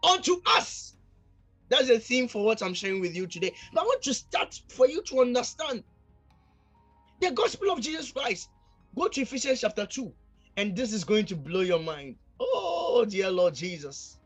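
A male pastor preaching a fervent sermon, repeatedly calling out to the congregation and swinging between shouting and near-quiet. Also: very high voice, sing-song, normal speed, slightly rough, faint music behind.

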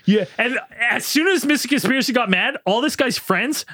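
A high-pitched young man spins a rowdy bar story for his friends, jumping into other people's voices and cracking himself up along the way. His voice sits close and dry, with no room around it. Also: fairly quick, dry recording. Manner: animated, acts out voices while telling a story, laughs often. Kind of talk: casual podcast banter.

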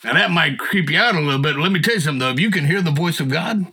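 A man's voice: fairly high pitch, rapid-fire, slightly rough, poor audio. A man sharing a personal faith testimony in casual conversation, acting out the people he quotes. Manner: animated storyteller who acts out quotes and laughs.

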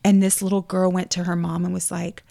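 A woman's voice: on the low side, little pitch movement, fast talker, gravelly, dark tone. A woman, a podcast co-host chatting casually and telling stories, acting out the people in them. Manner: storytelling, mimics other people in her anecdotes. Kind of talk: casual chat.

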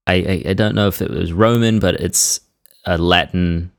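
A man's voice: deep voice, fairly even intonation, moderate pace, creaky. A man co-hosting a podcast in casual chat, telling stories and reading quotes aloud with bursts of laughter. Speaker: podcast co-host.

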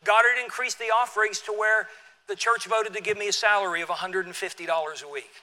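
A man in his sixties, a pastor, telling a personal story in a sermon with a relaxed, conversational manner and frequent restarts. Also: high-pitched, quick pace. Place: church sanctuary. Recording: long church hall reverb.

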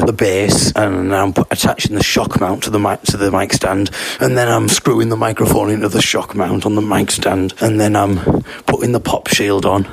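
A man's voice: fairly low pitch, creaky, noisy background. A man hosting a comedy podcast, telling a rambling, self-deprecating anecdote and acting out sound effects. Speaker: podcast host. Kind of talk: comic anecdote.

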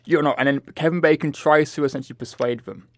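A man's voice: on the high side, steady tone, quick pace, dry recording, clean studio sound. A man in casual chat, easygoingly recapping a film with a co-host. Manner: easygoing, lots of agreeing yeahs.

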